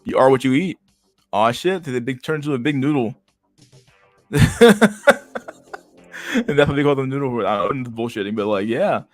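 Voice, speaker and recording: A man's voice: mid-range voice, moderate pace, long pauses, no echo, soft background music. A man streaming casual commentary, reading comments aloud in a rambling, stammering way with frequent laughter.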